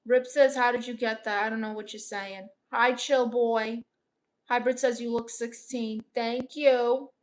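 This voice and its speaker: A young woman from Brooklyn reading out her chat on a casual livestream, dry, deadpan and sarcastic. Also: fairly high pitch, a little slow. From Brooklyn, New York. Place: home in Los Angeles.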